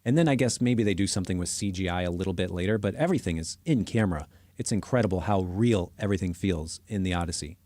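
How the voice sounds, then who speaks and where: A man co-hosting a podcast, chatting casually about movies in an animated, joking, self-mocking way. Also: low voice, fast, hardly any pauses, no echo. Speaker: podcast co-host. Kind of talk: casual movie review chat.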